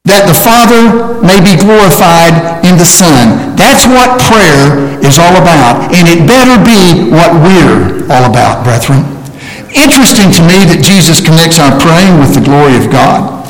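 High-pitched male preacher, emphatic sermon, lots of repeating himself, echoey church hall. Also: expressive, measured pace. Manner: emphatic, repeats words, addresses congregation as brethren. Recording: echoey hall with long reverb.

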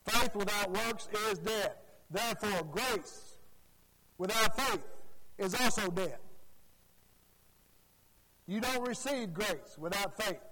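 A man's voice: high-pitched, a crowd in the background. Emphatic man preaching in a hall. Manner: emphatic, rises and drops in volume, slow deliberate phrasing. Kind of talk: sermon.

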